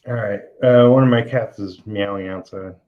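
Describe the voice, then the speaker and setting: With a lowish voice, steady tone and moderate pace, a male comic artist chats casually on his channel while working. He tells relaxed stories with plenty of laughs and fillers, captured in muffled lo-fi call audio.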